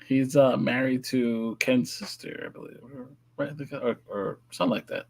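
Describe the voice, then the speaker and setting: A man's voice: medium pitch, moderate pace. Curious man asking questions in casual chat. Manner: inquisitive, laughs easily. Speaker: podcast co-host.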